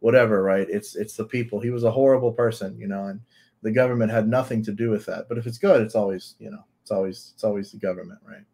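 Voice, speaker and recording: A man's voice: lowish voice, fairly even intonation, fast talker, vocal fry, darkish tone, husky. A man giving blunt, profane reaction commentary on a video, piling up rhetorical questions.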